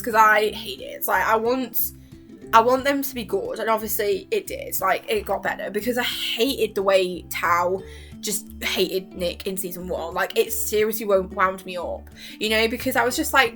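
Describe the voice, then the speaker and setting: A woman's voice: medium pitch, moderate pace, pushed and bright, faint music behind. A young woman gushing about a TV series in casual chat, giggling and acting out scenes. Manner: giggly, gushing, acts out scenes in quoted voices. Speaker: YouTuber reviewing a TV series.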